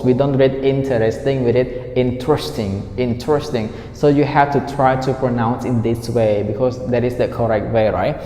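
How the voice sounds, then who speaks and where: A man's voice: medium pitch, darkish tone. A male English teacher running a listening lesson, repeating words to drill pronunciation and checking in with "right?" after each point. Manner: asks the class frequent "right?" checks. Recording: echoey room with long reverb.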